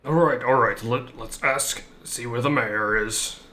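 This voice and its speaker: A man talks casually as a player in a tabletop game, in a bright, forward voice. He hesitates often and sounds amused. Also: mid-range voice, a little slow.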